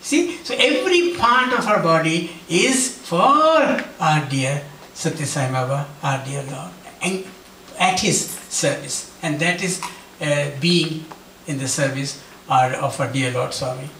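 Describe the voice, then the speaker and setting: A man's voice: on the high side, lively intonation, takes it slowly, pushed and bright, a little hiss or hum. A man giving an earnest devotional talk, telling personal stories and acting out what others said. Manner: earnest, storytelling, acts out quotes. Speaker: speaker at a devotional gathering. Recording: roomy hall, mic at a distance.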